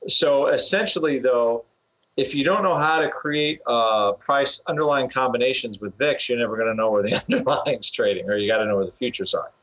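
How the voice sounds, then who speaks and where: A man's voice: medium pitch, a little fast. A man co-hosting a podcast, explaining trades casually in a rambling way, full of fillers and little chuckles. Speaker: options trader and regular co-host. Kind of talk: casual podcast market talk. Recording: slightly muffled podcast audio.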